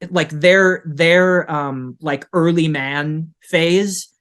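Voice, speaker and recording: A man's voice: on the high side, steady tone, extremely slow, a bit bright, clear, resonant tone. A man narrating as game master of a tabletop game, rambling with many fillers. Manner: rambling, full of "like" and "uh".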